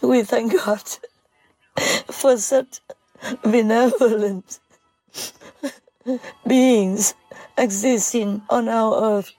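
A woman giving a heartfelt moral talk, halting and emotional, with many pauses and fillers. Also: a little high, fairly even intonation, warm tone, no room sound, soft background music.

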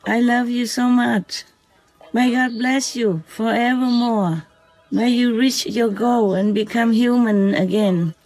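A spiritual vlogger speaking gently at night to an unseen animal, softly giving blessings and often asking "okay?", then calmly recounting their day. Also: medium pitch, soft background music, rough recording. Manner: soft, slow, affectionate blessings with repeated "okay?".

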